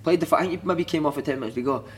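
A man with a Scottish accent chatting casually as a podcast guest, telling animated stories with plenty of swearing. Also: on the high side, rapid-fire, slight background noise. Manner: animated storytelling, heavy swearing, laughing. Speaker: podcast guest, former footballer. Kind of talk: casual chat.

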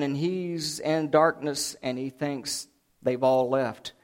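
Slow, dramatic male preacher. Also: medium pitch. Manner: dramatic retelling with big swings from hushed to loud. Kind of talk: sermon.

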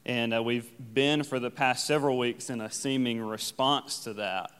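A man preaching a sermon as pastor, reading scripture and explaining it in a relaxed, conversational way. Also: medium pitch, normal speed, clean tone. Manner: conversational, paraphrases scripture in casual everyday phrasing. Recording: long hall reverb.

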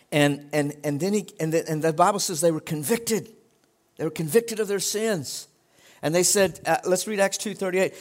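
A middle-aged male pastor with a high voice preaches a sermon. He starts off conversational, then swells into emphatic exhortation.

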